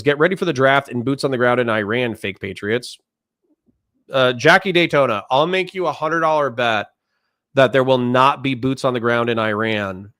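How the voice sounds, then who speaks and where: A man's voice: mid-range voice, expressive, normal speed, a bit bright, no echo, studio quality. A man hosting a livestream, reacting sarcastically with rhetorical questions and reading chat messages aloud. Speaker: streamer host.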